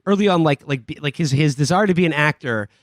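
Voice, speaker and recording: A man's voice: on the high side, animated, no echo, clean studio sound. Stammering man recapping a film. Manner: halting recap with many fillers and stammered restarts. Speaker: podcast co-host. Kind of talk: casual comedic podcast chat.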